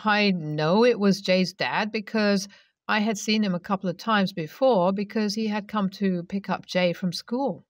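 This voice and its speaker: Female narrator, first-person story read aloud, steady delivery, dry sound, slightly off-mic. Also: mid-range voice, a little slow, dry recording, distant mic.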